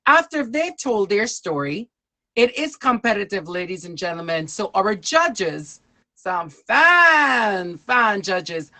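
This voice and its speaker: A woman's voice: mid-range voice, very animated, slow pace, sharp tone. A woman hosting a storytelling show, speaking in a welcoming announcer manner.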